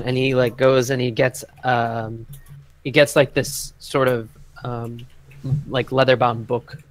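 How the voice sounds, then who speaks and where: A man narrating a tabletop game as game master in a casual, halting way, with many fillers and restarts. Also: mid-range voice, flat delivery, dry recording.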